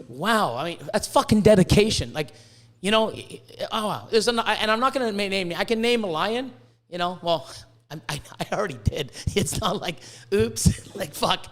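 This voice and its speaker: A man's voice: high voice, lively intonation, brisk, fairly bright tone. A man hosting a podcast in casual chat, swearing a lot and stumbling over repeated words as he makes emphatic points. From Canada. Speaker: podcast host.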